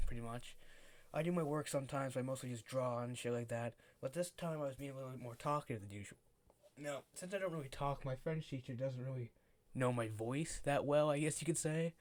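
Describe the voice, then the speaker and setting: A teenage guy chatting through a casual storytime vlog. He rambles, drops plenty of fillers and swears freely, and his voice sits at an ordinary male pitch. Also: a little mellow. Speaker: vlogger.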